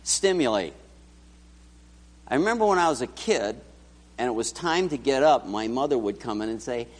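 A man's voice: mid-range voice, normal speed. A man preaching a sermon and often putting questions straight to his congregation. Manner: animated, talks directly to the congregation. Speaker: pastor. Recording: church hall reverb.

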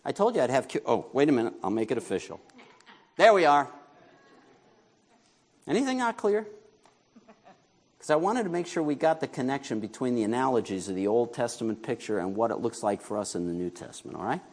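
A man's voice: mid-range voice, big pitch swings, a little fast, pauses often, a little mellow. A man from New York preaching a sermon as pastor, talking conversationally, asking the congregation questions and joking with them.

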